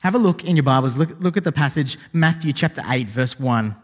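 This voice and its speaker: A man preaching a sermon as pastor, animated and rising to emphatic exclamations. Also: fairly high pitch, brisk. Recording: long hall reverb.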